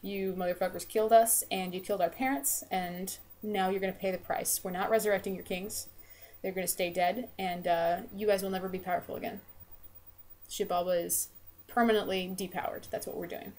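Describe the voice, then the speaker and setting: A woman speaking as a pair of cocky young male twin heroes who talk in offhand modern slang. The voice is everyday and unforced, a retelling rather than a performance, at a middling pitch. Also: steady tone, fairly quick, a little mellow, close to an everyday voice. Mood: defiant. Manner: casual paraphrase, modern slang.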